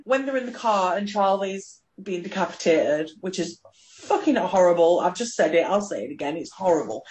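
A woman talking passionately about a film on a podcast, animated and swearing freely. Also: medium pitch. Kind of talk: casual film discussion.

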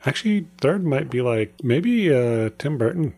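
A man co-hosting a podcast who mumbles and sometimes talks fast in casual chat. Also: medium pitch, sing-song, a little mellow. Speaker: podcast co-host.

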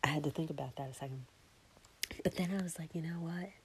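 A woman's voice: sits low, fast talker. A woman hosting her own show, telling a rambling personal story and dropping into a whisper for her thoughts. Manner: chatty, often drops into a whisper for inner thoughts. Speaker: podcast host. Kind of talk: casual storytelling.

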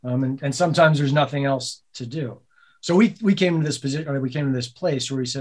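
A man telling a personal story in a casual podcast conversation, animated and swearing freely, laughing as he goes. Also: mid-range voice, fairly quick. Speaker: podcast guest, business co-owner.

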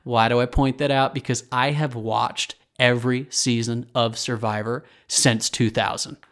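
A man's voice: mid-range voice, level tone, normal speed, a bit bright. A man in his twenties hosting a history podcast, chatty and rambling, often correcting himself and sounding a bit tired late at night. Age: 20s. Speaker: podcast host. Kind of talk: casual history podcast talk.

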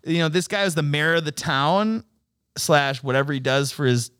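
A young man telling a story in casual chat, animated and profane, laughing a lot and acting out what people said. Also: a little high, normal speed, clean tone, no echo, studio quality. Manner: animated, swearing, laughing often, acting out quotes.

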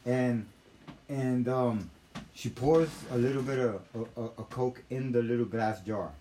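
A young man, host of a talk show, telling a story in a casual, animated, profane way. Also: mid-range voice, measured pace, a little hiss or hum.

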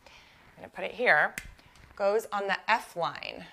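A young adult woman hosting her own coaching podcast, talking casually and animatedly, full of "like" and quick self-corrections. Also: mid-range voice, creaky, fairly bright tone. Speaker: life coach and podcast host. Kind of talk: casual solo podcast teaching.

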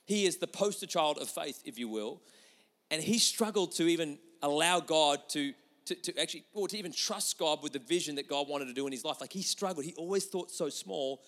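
A man preaching a sermon with lots of energy, moving between loud emphatic lines and quiet, intimate asides. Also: on the high side, brisk. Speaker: pastor. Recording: long hall reverb.

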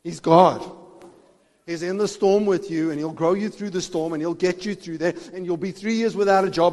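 High-voiced preacher in a hall. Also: male voice, steady tone, moderate pace. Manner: fervent preaching, swinging from shouts to hushed tones. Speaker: pastor. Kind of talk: sermon. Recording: long reverb of a big hall.

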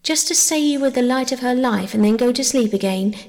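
A woman voicing a thoughtful, grown-up-minded older girl in a storybook reading, earnest in manner, with a gravelly tone and long reverb. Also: on the high side, fairly quick, darkish tone, pitched above the performer's own voice, natural voice.

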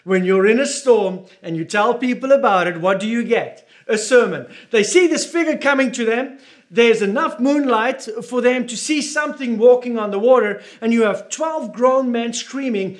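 A man's voice: very high voice, normal speed. A man preaching a sermon with emphatic delivery, repeating key phrases and asking the listeners questions.

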